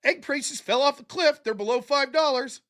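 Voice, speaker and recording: A man's voice: extremely high pitch, moderate pace, sharp tone. A man hosting a show, delivering a blunt, profane, sarcastic political commentary rant. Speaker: show host.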